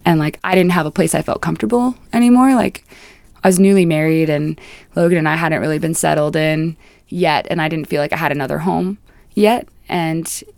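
A woman's voice: sits low, a little fast, gravelly, darkish tone, dry recording. A young woman, a musician being interviewed, talking in a rambling, reflective way with lots of "like". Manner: rambling, heavy use of "like", reflective. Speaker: musician guest. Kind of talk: casual interview chat.

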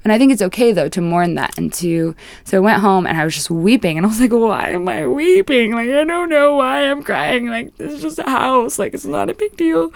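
Young woman with a low, gravelly voice. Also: darkish tone, no echo. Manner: rambling, heavy use of "like", reflective. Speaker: musician guest. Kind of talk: casual interview chat.

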